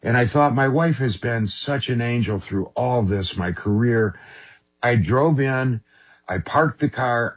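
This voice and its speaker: Husky man telling a personal story. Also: medium pitch. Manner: earnest, halting, with frequent restarts. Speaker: interview guest.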